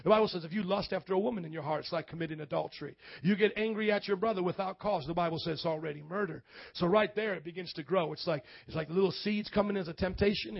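A male pastor preaching a sermon in a loud, colloquial way, often rising to shouts and calling out to the congregation. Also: high voice, gravelly, dry recording. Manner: casual, colloquial preaching with call-and-response asides. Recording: dull lo-fi audio.

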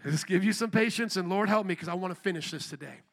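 A middle-aged male pastor preaching an animated sermon with call-and-response asides and bursts of shouting. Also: high voice, fast.

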